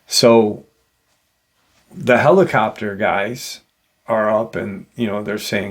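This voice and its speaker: A man retelling an encounter story as a paranormal show host, halting and leaning on "you know" fillers. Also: on the low side.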